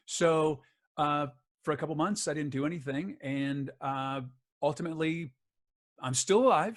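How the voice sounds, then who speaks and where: A man's voice: on the high side, moderate pace. A middle-aged man telling a personal story in an interview, acting out the other people's lines as he goes. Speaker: guest, author and voice actor.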